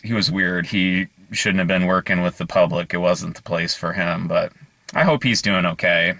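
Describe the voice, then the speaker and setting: A man's voice: lowish voice, bright, forceful tone, no room sound. A man vlogging in a casual, earnest way, rambling through stories with hesitant fillers. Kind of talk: casual storytelling to camera.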